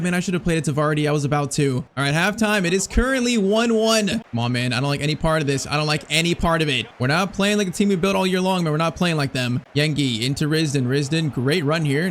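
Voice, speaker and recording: A young man rattles through live gameplay commentary at high speed, his voice sitting a bit higher than most men's. He swings between excitement and exasperation, tossing in "bro" and "man", with a faint hiss behind him. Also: quick pace. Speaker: gaming YouTuber.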